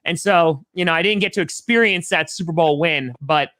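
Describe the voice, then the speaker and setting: Hyped up new york guy on a podcast, bright sharp voice, keeps repeating himself. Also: fairly high pitch, moderate pace, no room sound. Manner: upbeat, excitable, rambling with repeats. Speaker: podcast guest. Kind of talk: casual chat.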